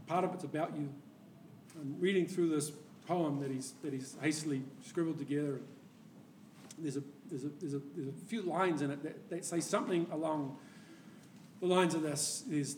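A man preaching a sermon, telling a story with lively laughter and acted-out quotes, heard from a distance in an echoey church hall. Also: on the high side, a little hiss or hum. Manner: animated storyteller, laughs often, acts out quoted voices.

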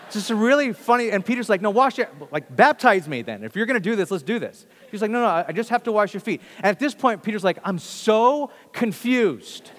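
Man, preacher, sermon, animated storytelling, acts out quotes, loud to hushed, long reverb. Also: high voice.

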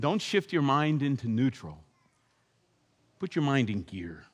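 A man preaching a sermon as pastor, animated and acting out the voices of hopeful and disappointed people. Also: medium pitch, measured pace, pauses often, slightly rough. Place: church sanctuary. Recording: long hall reverb.

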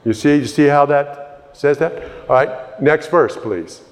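Slow-talking preacher in a reverberant hall. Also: male voice, fairly high pitch. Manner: conversational, rising to emphatic peaks. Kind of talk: sermon. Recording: long reverb of a large hall.

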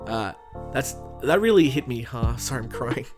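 A young man at a middle pitch hosts a true crime podcast with a joking, self-mocking manner. His asides are animated, and faint music plays behind his voice. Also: moderate pace. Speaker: podcast host.

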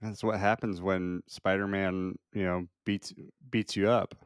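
Man podcast co-host, easygoing, chuckles a lot, lower pitch, no room sound. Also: unhurried, clean tone, no room sound, studio quality. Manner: relaxed, laughs often, steers the conversation. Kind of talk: casual movie chat.

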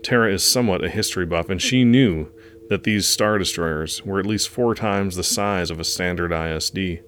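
Deep-voiced man reading a story aloud. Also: fairly bright tone, a little hiss or hum.

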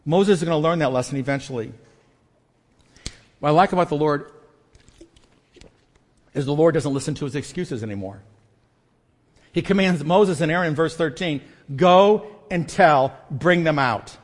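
A man preaches a sermon in a church sanctuary, his slightly high voice carrying a long reverb tail. He is emphatic, swinging from loud stresses to hushed asides, with a self-deprecating humor. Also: animated, normal speed, pauses often. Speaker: pastor.

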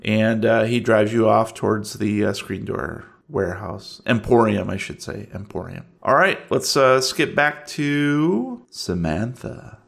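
A man narrating a tabletop game as game master, in a relaxed, descriptive way. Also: on the low side, unhurried, gravelly, hardly any pauses.

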